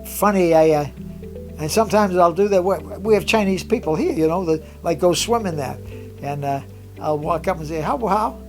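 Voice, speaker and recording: An older person and senior swimmer reminiscing casually, pausing often with "uh". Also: mid-range voice, a little mellow, faint music behind. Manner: halting, many "uh" fillers.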